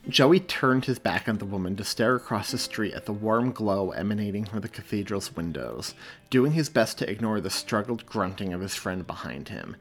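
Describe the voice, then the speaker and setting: A man, the author, reading his own story aloud in a measured, expressive audiobook narration. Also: lowish voice, faint music behind.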